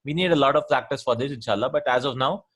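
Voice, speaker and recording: Man, mid pitch, arabic lesson, step-by-step explaining, frequent "right?". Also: quick pace, a bit bright. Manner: explains step by step, often checks with "right?" and "hmm?". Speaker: Arabic teacher. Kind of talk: online Quran Arabic lesson.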